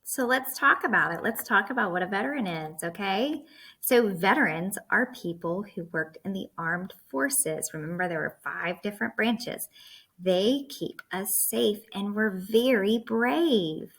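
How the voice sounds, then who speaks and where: A woman teacher leading a classroom lesson for young children, slow and patient as she explains. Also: mid-range voice, expressive, gravelly, fairly bright tone, breathy edge.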